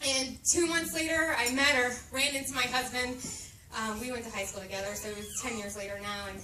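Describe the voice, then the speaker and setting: A woman's voice: a little high, steady tone, fairly quick, crowd noise. A woman in her thirties giving a heartfelt, emotional faith testimony to a group in a meeting room. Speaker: speaker sharing her testimony. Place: meeting room at a moms' camp. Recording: echoey room, distant mic, background noise.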